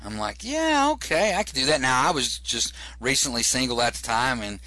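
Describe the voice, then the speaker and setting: Middle-aged comedian with a bright, tense voice, spinning a loose anecdote. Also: male voice, mid-range voice, a little fast. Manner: rambling, repeats words for comic effect. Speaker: comedian telling a story. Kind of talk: casual storytelling.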